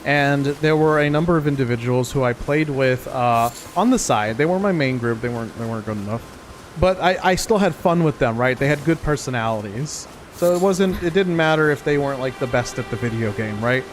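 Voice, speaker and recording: A man's voice: mid-range voice, expressive, brisk, slight background noise, low-quality recording. A young man chatting over a video game, telling rambling stories with stammers and laughs. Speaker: co-host of a gaming channel. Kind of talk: casual gameplay commentary chat.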